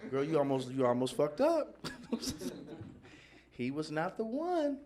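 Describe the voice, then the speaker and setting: A male comedy host with a slightly high voice. He talks loose and profane, jumping into animated impressions for his bits. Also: a little slow. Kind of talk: stand-up comedy.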